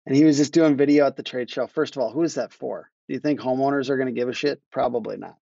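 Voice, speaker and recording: Rambling mellow-voiced man. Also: mid-range voice, fast, creaky, no echo, lo-fi sound. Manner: rambling, self-interrupting, laughs while telling stories. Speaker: guest, marketing agency owner. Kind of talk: casual podcast conversation.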